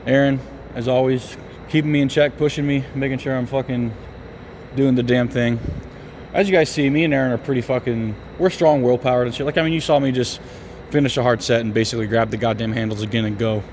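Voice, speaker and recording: A man's voice: mid-range voice, fairly even intonation, darkish tone, slight background noise. A male bodybuilder chatting in a gym, cursing a lot and talking with emphasis. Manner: profane, emphatic, fast-talking. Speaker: bodybuilder vlogger. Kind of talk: casual gym chat.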